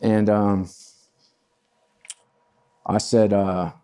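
A man's voice: on the low side, flat delivery, very slow, mellow, smooth. Chatty self-deprecating middle-aged man. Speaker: keynote speaker. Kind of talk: storytelling talk to a live audience. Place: room with a live audience.

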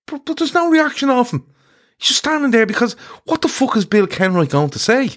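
Speaking briskly in an extremely high-pitched voice, a man hosts a casual football podcast. He tells stories animatedly, swearing a lot and mocking the people he quotes.

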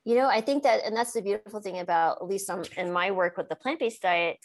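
A woman doctor hosting an interview, telling stories about patients in an animated way and laughing easily. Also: medium pitch, fast. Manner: animated storyteller, laughs often. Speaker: host and doctor. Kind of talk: conversational interview.

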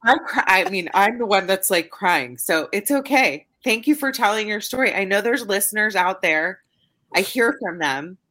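A woman hosting a podcast interview, talking in an emotional, halting way with repeated words, near tears. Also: medium pitch, animated, pushed and bright. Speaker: podcast host.

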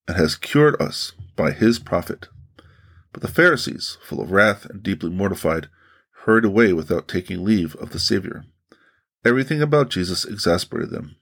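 Brief: male audiobook narrator, husky and gravelly, measured religious reading. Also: fairly low pitch.

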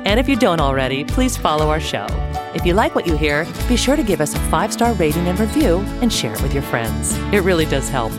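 A woman's voice: low voice, sing-song, brisk, hardly any pauses, over loud music. A woman hosting a podcast interview, talking in an effusive, friendly way and laughing often. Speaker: podcast host.

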